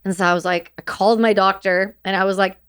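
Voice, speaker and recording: A woman's voice: medium pitch, fairly even intonation, fast talker, fairly bright tone, clean tone. A woman in her thirties, a veteran guest on a podcast, telling her story candidly in casual interview talk and acting out quoted dialogue. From Canada.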